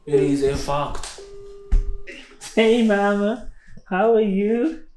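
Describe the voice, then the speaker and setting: A man's voice: sits high, animated, slow, darkish tone, roomy sound, a little hiss or hum. A man co-hosting a comedy vlog with his wife, theatrical and laughing, slipping into playful character voices. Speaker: vlog co-host, husband.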